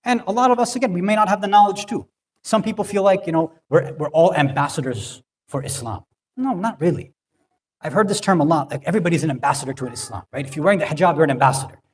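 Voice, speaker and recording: A man's voice: a little high, fast talker, slightly rough. A man giving a sermon-style talk, telling a story conversationally and often checking in with "right?". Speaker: speaker at an Islamic center. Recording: long hall reverb.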